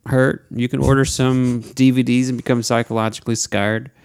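A man's voice: medium pitch, level tone, normal speed, creaky, smooth. A man co-hosting a podcast in casual chat, tossing in dry jokey quips. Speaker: podcast co-host.

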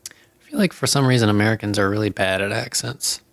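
A man with a low, gravelly voice co-hosts a podcast in a relaxed, dry way. He answers briefly, then tells his own stories at an easy pace. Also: fast talker. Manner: laid-back, dry, brief replies. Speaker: podcast co-host. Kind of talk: casual chat.

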